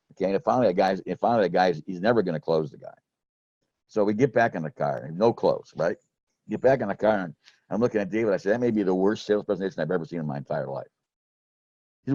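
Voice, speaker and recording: Sitting low and a little mellow, this man's voice carries casual, wandering stories from his years as an insurance sales manager. He's middle-aged, folksy, and keeps starting sentences over. The audio is dull, with no echo.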